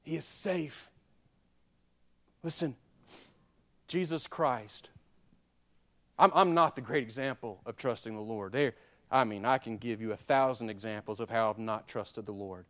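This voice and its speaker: A man, preaching a sermon that moves between quiet personal confession and loud, emphatic exhortation. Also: lowish voice, moderate pace, long pauses. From Alabama. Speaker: pastor.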